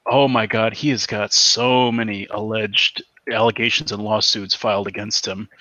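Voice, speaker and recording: A man's voice: fairly low pitch, steady tone, moderate pace, sharp tone, dry recording, muffled recording. A man chatting casually on a stream, wry and incredulous. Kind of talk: casual chat.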